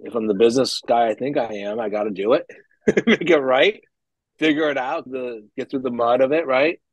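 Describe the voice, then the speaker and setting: Guy telling startup war stories on a podcast, super animated, acts out the dialogue, dry close sound. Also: mid-range voice, normal speed, no echo, poor audio. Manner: animated, acts out quoted dialogue, frequent laughs. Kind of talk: casual business podcast storytelling.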